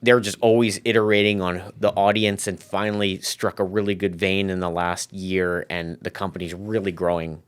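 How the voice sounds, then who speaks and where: A man's voice: sits low, flat delivery, normal speed, few pauses, clear, resonant tone. A man speaking as a podcast guest, chatting casually about his business with loose, rambling sentences and many restarts. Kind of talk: casual conversational interview.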